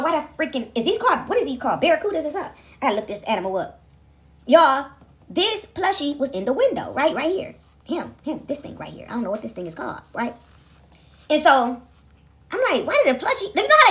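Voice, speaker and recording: A woman's voice: high voice, a bit bright. A woman vlogging from home, telling a rambling story to her viewers in a casual, chatty way. She calls out to them often, asks "right?" again and again, and laughs as she goes. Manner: chatty, addresses viewers as "y'all", frequent "right?".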